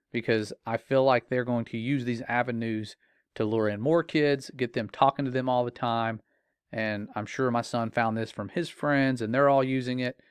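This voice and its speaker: Recorded in studio quality with no echo, a man's clean, medium-pitched voice delivers an earnest monologue. He's a middle-aged father sharing a personal story as a warning, using casual fillers along the way.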